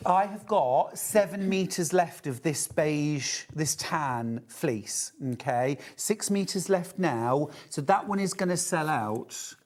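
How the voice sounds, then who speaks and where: A man's voice: a little high, expressive, takes it slowly, hardly any pauses, darkish tone. A man in his fifties presenting a live TV shopping show, chatty and teasing as he sells. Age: 50s. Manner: jokey, teasing, upbeat selling.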